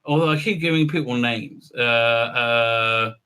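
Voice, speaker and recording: A man's voice: mid-range voice, a little slow, bright, forceful tone, smooth. A man recapping and reviewing a TV episode in a rambling, sarcastic way, full of fillers and silly acted-out voices.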